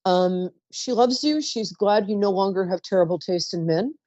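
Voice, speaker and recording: A woman's voice: mid-range voice, normal speed, mellow, no echo, dull audio. A woman hosting a live call-in psychic reading show, chatty and rambling, often trailing off mid-sentence. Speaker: psychic radio host.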